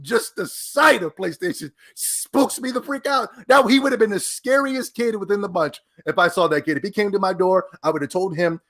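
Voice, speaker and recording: A young man hosting a gaming podcast, ranting in a mocking, giggly, excitable way. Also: sits high, moderate pace, hardly any pauses. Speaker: podcast host. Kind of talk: casual gaming podcast rant.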